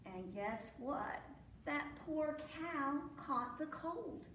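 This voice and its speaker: A woman's voice: high-pitched, lively intonation, drawn-out words, a bit bright. A woman librarian reading a children's picture book aloud at storytime, acting out sneezes and animal sounds along the way. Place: library room. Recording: echoey room, mic at a distance, faint noise.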